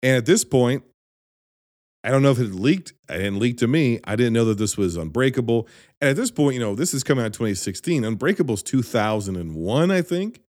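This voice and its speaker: A man's voice: medium pitch, expressive, fairly quick, a little mellow, no room sound, clean studio sound. A man hosting a casual movie podcast, talking conversationally and leading the questions.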